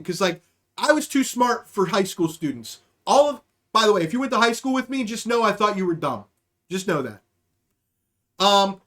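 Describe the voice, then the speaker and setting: A man with a high-pitched voice tells a crude, rambling story in a casual podcast monologue. He jokes and curses freely while he talks to his listeners. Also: a bit bright. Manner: rambling, profane, jokey. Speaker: podcast host.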